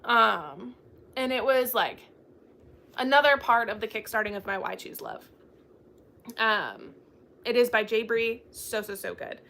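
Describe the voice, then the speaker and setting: Bright bubbly young woman telling a story. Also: on the high side, animated, unhurried, vocal fry, pauses often. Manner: bubbly storytelling, acts out quoted dialogue. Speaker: book channel host. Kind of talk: casual chat.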